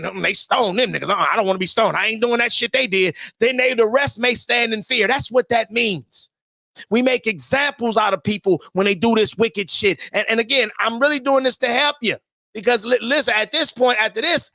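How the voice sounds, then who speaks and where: High, bright-voiced profane ranting man. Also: no room sound, clean studio sound. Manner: preachy, profane, repeats himself. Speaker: commentary streamer.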